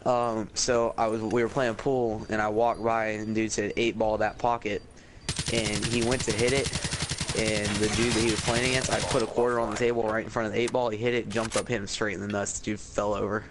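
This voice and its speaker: A man's voice: lowish voice, level tone, a little fast, background noise. A laid-back man chatting and telling a story over a gaming headset while he plays. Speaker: gaming friend. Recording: loud game gunfire behind a headset voice. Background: video game gunfire.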